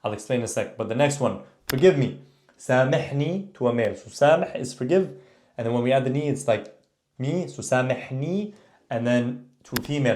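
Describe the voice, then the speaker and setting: A man teaches a casual language lesson at a mid-range pitch. He repeats example phrases and checks in with his viewers as he goes. His voice bounces around a noticeably echoey room. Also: slight background noise. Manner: relaxed explaining, repeating phrases, frequent "okay?" and "tamam?". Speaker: Arabic teacher.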